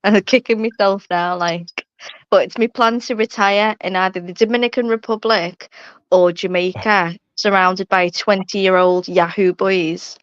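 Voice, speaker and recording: A woman's voice: medium pitch, fairly even intonation, unhurried, clear, resonant tone, no room sound. A woman chatting casually on a live stream, blunt and sweary, laughing often, over a video call mic. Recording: dull lo-fi stream audio.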